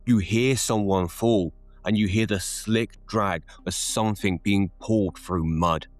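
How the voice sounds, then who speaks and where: Man, horror story narrator, very low voice, slow measured delivery, faint music behind. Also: steady tone, dry recording.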